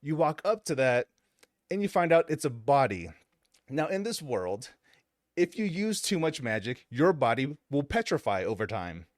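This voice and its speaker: A man in casual podcast chat, telling a video game story with lively swings in his voice. He slips into the characters' lines and laughs often. The sound is dry and close. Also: medium pitch, moderate pace, no echo. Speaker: podcast co-host.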